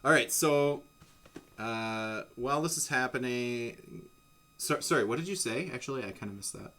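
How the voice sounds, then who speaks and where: A man's voice: medium pitch, moderate pace, bright, forceful tone. A man narrating a tabletop game as game master in a casual, rambling way with many restarts. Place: home streaming setup.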